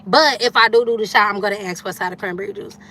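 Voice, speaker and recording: A woman, hosting a livestream and telling stories candidly in casual chat, acting out quotes with sudden leaps up in pitch. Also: rapid-fire, bright, forceful tone, slight background noise. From Detroit, USA. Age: 30s. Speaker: livestream host.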